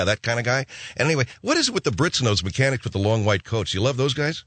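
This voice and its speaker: A man's voice: mid-range voice, very animated, fast, few pauses, a bit bright, no room sound. Sarcastic rambling male radio host. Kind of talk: comic radio monologue.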